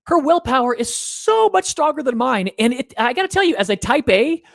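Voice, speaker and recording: Middle-aged man, earnest interview guest, very lively pitch, dry close sound. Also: a little fast, vocal fry, no echo. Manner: earnest, animated, drops low to make a point. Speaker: interview guest, parenting author. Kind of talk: animated storytelling in an interview.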